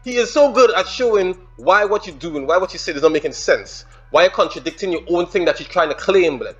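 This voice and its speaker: Reaction host: guy, high lively voice, slangy and excited, faint music behind. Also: fairly quick, muffled recording. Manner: excited, slangy, rambling breakdown of lyrics. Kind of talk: casual reaction commentary.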